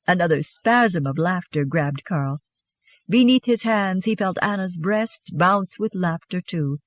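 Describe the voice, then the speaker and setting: An expressive audiobook narrator telling the story with warmth of delivery and a pitch that rises and falls freely. The sound is close and dry, with a slightly dull, muffled top end. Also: unhurried, no room sound. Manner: expressive, gently animated storytelling.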